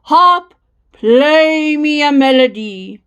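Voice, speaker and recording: A big, menacing storybook giant booms out his words slowly and loudly, as a woman reads him aloud. His voice is higher than a giant's usually is, and he drags out each word with heavy threat. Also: animated, exaggerated voice. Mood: commanding. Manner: slow, loud, menacing chant. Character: huge booming menacing male giant.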